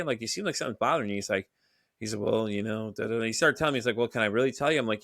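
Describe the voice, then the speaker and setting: A male podcast host who talks quickly and in a casual, animated way. His voice is bright and forceful, and the sound is dry and close with no room echo. He acts out the people in his stories. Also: medium pitch. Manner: animated storyteller, acts out quoted dialogue. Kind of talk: casual interview chat.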